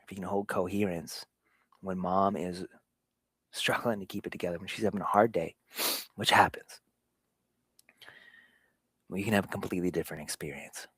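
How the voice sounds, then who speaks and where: Male host, earnest fatherhood talk, lower pitch, dynamics from hushed to emphatic, dry sound. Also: fairly even intonation, normal speed, long pauses, husky, no echo. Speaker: show host.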